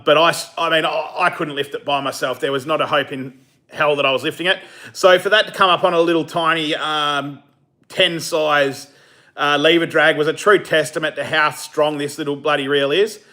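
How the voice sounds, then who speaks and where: A man's voice: fairly high pitch, sharp tone. A man hosting a fishing channel, chatting casually on a live stream, answering viewer comments with easy laughs. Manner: casual, chatty, laughs easily, many fillers.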